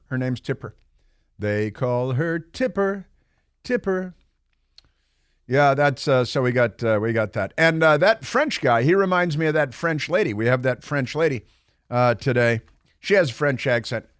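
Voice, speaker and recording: A middle-aged man in a radio studio gives an opinionated monologue, mocking and wandering off with many fillers and asides. His voice is mid-range, recorded on a studio microphone without any room sound.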